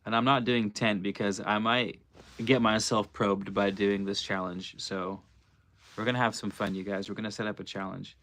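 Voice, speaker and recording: Man, livestream host, casual chat, slangy and loose, lowish voice. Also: flat delivery, normal speed, fairly bright tone. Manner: loose and slangy, musing aloud.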